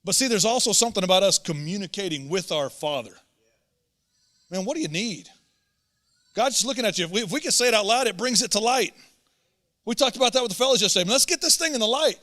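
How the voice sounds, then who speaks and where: A man's voice: high-pitched, lively intonation, fast talker, long pauses, bright, forceful tone. A man preaching a sermon as a pastor, earnest and emphatic, often repeating words as he presses a point. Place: church auditorium. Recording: long church hall reverb.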